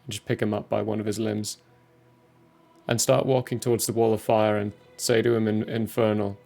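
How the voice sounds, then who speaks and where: A man playing a tabletop game, describing his character's actions deliberately step by step. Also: lowish voice, flat delivery, vocal fry, dark tone, soft background music. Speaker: player. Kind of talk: casual tabletop game chat.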